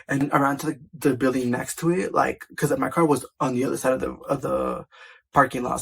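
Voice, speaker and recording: A man vlogger telling a personal story in casual storytime style, animated and profane, filling his talk with "like". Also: mid-range voice, gravelly, breathy edge. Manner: animated, profane, filler-heavy with constant "like".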